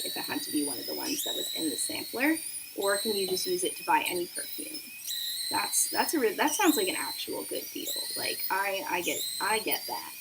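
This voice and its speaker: Bubbly young woman with a lively voice. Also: mid-range voice. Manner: bubbly, chatty, reads viewer messages aloud. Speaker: beauty livestream host. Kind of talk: casual chat while doing makeup. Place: apartment room with a noisy radiator. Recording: faint room noise from radiator. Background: faint radiator hiss.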